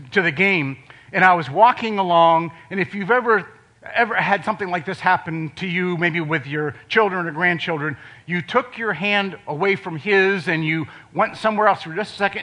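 An older man from Ohio preaching a sermon in a conversational way, dropping suddenly to quiet emphasis on key words. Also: high voice. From Ohio, USA.

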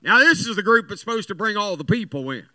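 A man's voice: high voice, lively intonation, quick pace, sharp tone, no room sound. A man from West Virginia preaching a sermon, telling folksy stories in an earnest, emphatic way.

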